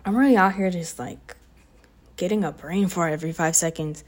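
A woman's voice: fairly low pitch, moderate pace, noisy background. Rambling teenage girl venting casually. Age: teens. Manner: rambling, oversharing, sarcastic, lots of fillers. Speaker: high school student vlogger. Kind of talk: casual confessional vlog. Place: home living room.

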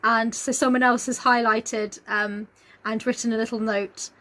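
A woman's voice: a little high, level tone, normal speed, a bit bright. A woman co-hosting a casual book chat, talking with many fillers and restarts and sometimes reading passages aloud.

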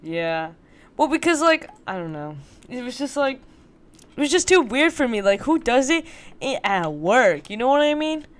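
High-pitched and speaking at a moderate pace, a young woman co-hosting a podcast keeps the chat casual and slangy. She animates her story by acting out the back-and-forth of the conversations she quotes.

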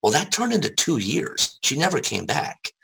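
A man telling his life story in casual conversation, candid and rambling, swearing freely, with a gravelly, husky voice. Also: mid-range voice, sing-song, normal speed, fairly bright tone, low-quality recording.

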